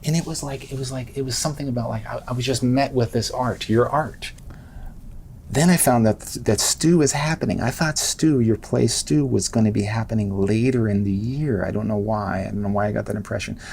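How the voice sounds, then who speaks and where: A man's voice: mid-range voice, brisk, creaky, a little mellow, a little hiss or hum. A man hosting a podcast, interviewing a guest in an effusive, rambling way and often cutting himself off mid-sentence. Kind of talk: enthusiastic interview talk.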